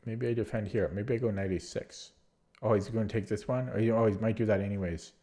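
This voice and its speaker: He's a man playing online chess and narrating his thinking, hesitant as he mutters each move under his breath. The voice is fairly low, dark and steady in tone, delivered fast, with a nasal, allergy-clogged quality.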